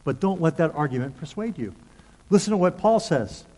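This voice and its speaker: High-voiced preacher in a reverberant hall. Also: male voice, expressive, fairly quick, warm tone. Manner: preaches with rising intensity, reading scripture aloud emphatically. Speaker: pastor. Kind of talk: sermon.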